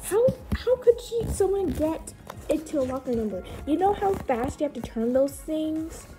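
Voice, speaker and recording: A woman's voice: sits high, sing-song, normal speed, music in the background. A woman casually reading aloud her own childhood book and adding amused, mocking, incredulous comments on it.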